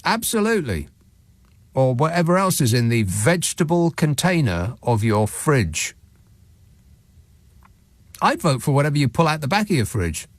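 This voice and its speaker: Sardonic male radio host, lively pitch. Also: no room sound. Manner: sardonic, quick-witted, mocking. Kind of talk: casual radio chat. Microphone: studio microphone.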